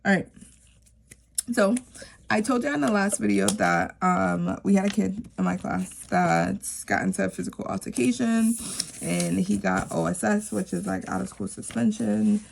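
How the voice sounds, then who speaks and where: A woman's voice: medium pitch, expressive, moderate pace, creaky, a little hiss or hum. A woman chatting casually to camera about her savings challenges, rambling with lots of fillers. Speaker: savings vlogger; teacher.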